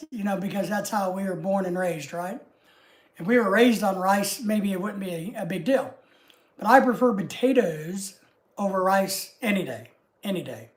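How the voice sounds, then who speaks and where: A woman with a Southern US accent hosting a livestream, chatting casually with viewers in a rambling, homey way. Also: medium pitch. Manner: rambling and homey, chatting easily with frequent asides. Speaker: livestream host.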